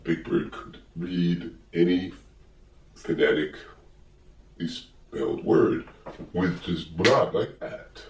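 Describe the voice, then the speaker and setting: A man's voice: low voice, slow pace, long pauses, roomy sound, distant mic, slight background noise. A man telling a comic story in a meandering way, full of fillers and self-corrections. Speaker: comedic storyteller.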